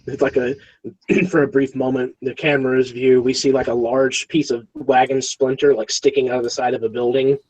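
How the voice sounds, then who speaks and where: A man with a husky voice, narrating a tabletop game as game master in a relaxed way with many fillers. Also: mid-range voice, normal speed, poor audio.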